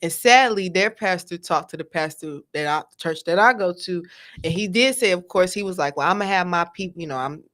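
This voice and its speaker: A woman co-hosting a casual talk show, telling stories in an animated way. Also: fairly low pitch, normal speed. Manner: animated storytelling, trails off and restarts. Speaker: podcast co-host. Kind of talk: casual chat.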